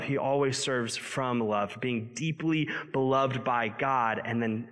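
A male pastor preaches with an earnest, conversational voice at an ordinary middle pitch. He drops in self-deprecating asides. His voice rings out with the long tail of reverb from a large church room. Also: steady tone, slow, few pauses, fairly bright tone. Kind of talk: sermon. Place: church sanctuary.

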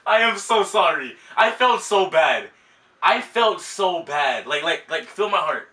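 A young man films a prank vlog at home, apologizing again and again, laughing nervously and repeating himself. His voice is high-pitched, sing-song, pushed and bright, though his pace is unhurried. The home audio is roomy, with the mic at a distance.

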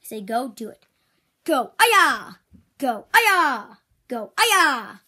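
A woman voicing a strict female toy karate teacher in make-believe play, switching between loud drill shouts and whispers. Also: a little high, normal speed, slightly rough. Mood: bossy.

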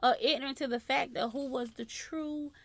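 A woman preaching a sermon, constantly breaking in with short praise phrases and dropping to soft murmurs between points. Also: high voice, steady tone, moderate pace.

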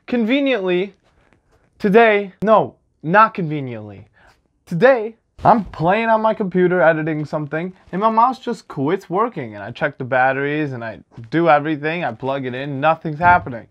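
A man's voice: fairly high pitch, normal speed, lo-fi sound. A young man hosting a casual unboxing vlog, joking and self-mocking as he talks. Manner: jokey, animated, self-mocking. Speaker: vlogger.

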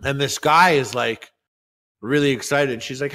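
A man's voice: medium pitch, a little slow. Rowdy, profane young man on a podcast. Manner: loud, rowdy, profane rants and storytelling. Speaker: podcast co-host. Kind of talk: crude casual podcast banter.

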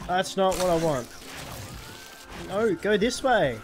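A man's voice: high voice, very animated, takes it slowly, over music. A man casually commenting as he plays a video game, chuckling at it. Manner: chuckling, offhand remarks. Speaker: gaming streamer. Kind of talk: casual let's-play commentary.

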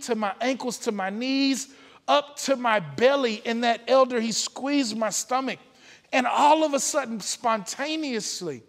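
A man's voice: very high voice, fairly bright tone, long reverb tail. A man preaching a testimony sermon, telling his story earnestly with frequent filler sounds. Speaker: pastor. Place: church sanctuary.

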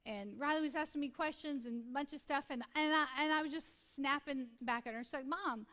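A woman's voice: high voice, fairly quick, fairly bright tone. A woman pastor in her forties preaching a sermon in an earnest, conversational way, repeating points for emphasis.

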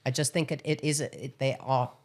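Low-voiced, emphatic actress as a guest. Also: female voice, normal speed. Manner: articulate, emphatic, animated. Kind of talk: casual interview chat.

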